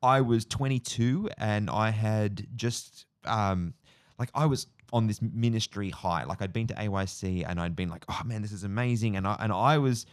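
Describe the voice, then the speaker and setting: A man's voice: lowish voice, normal speed, clear, resonant tone, no echo, studio quality. Reflective Australian man telling stories. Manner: rambling, reflective storytelling with many fillers. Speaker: podcast co-host. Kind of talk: casual chat.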